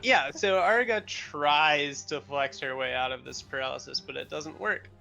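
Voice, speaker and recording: A man narrating as game master of a tabletop game, relaxed and halting, with many fillers. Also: a little high, gravelly, dull audio, soft background music.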